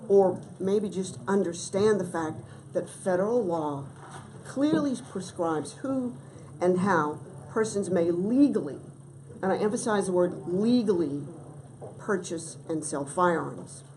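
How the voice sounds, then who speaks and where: A middle-aged woman giving formal testimony at a legislative hearing, measured and emphatic, stressing key words. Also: medium pitch, a little mellow, slight background noise, rough recording. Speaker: testifying witness.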